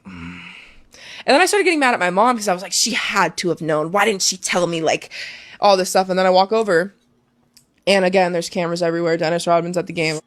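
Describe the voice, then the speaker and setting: A woman's voice: on the low side, no room sound, studio quality. A young woman talking as a guest, telling an emotional personal story casually with many fillers.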